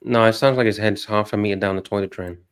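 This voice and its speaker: Lower-voiced man with dry teasing. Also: steady tone, quick pace, clear, resonant tone. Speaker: livestream co-host. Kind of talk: casual livestream chat.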